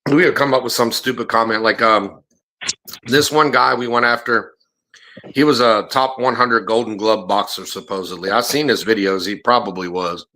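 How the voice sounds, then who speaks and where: A man's voice: lowish voice, moderate pace, pushed and bright. A middle-aged man, a former bounty hunter, telling profane stories on a podcast and acting out the people he quotes. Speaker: podcast host. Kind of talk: casual storytelling chat.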